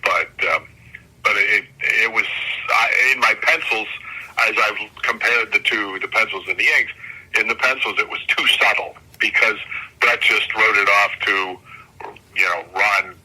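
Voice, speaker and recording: Poor audio captures an older man, a comic artist being interviewed, whose fairly low, pushed, bright voice has a breathy edge and a slightly slow pace. He rambles enthusiastically and casually, frequently starting sentences over to correct himself.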